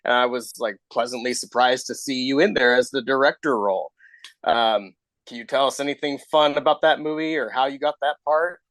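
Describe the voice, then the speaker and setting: A man's voice: medium pitch, brisk, a bit bright, dry recording. A man hosting a podcast, asking casual interview questions and laughing along, with some hesitant restarts. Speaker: podcast host.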